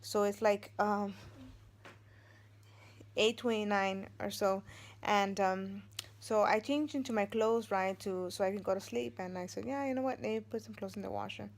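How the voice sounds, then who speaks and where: A woman's voice: mid-range voice, fairly even intonation, normal speed. Rambling mother telling a home story. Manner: rambling, many fillers and restarts, acts out quoted voices. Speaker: vlogger, mother of three. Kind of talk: casual storytelling.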